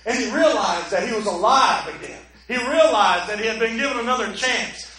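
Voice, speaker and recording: High, bright-voiced male preacher. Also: brisk, very echoey, low-quality recording. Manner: dramatic storytelling, swinging from hushed to loud. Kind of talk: sermon.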